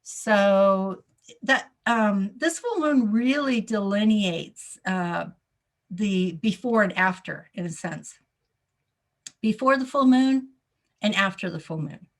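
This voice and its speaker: Slow, deliberate woman astrologer. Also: medium pitch. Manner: deliberate, repeats key points for emphasis; frequent ums and uhs. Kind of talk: casual solo astrology talk.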